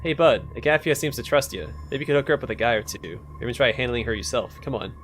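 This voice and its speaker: A man's voice: mid-range voice, expressive, quick pace, a bit bright, slight background noise, natural voice. A man voicing a crude, screechy talking organ that taunts its shy host in a game. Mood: taunting. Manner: lewd, taunting.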